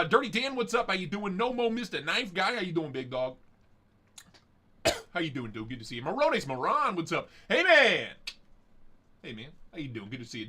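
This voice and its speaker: Male live-stream host, casual chat, rambling jokey delivery, fairly high voice. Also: sharp tone. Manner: rambling, joking, profane. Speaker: livestream host.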